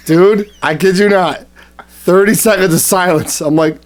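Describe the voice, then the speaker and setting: A man's voice: sits high, slow pace. A man co-hosting a podcast, telling a crude story in casual chat, acting out his friends' lines and laughing often. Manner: animated, laughs often, acts out friends' voices. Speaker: podcast co-host.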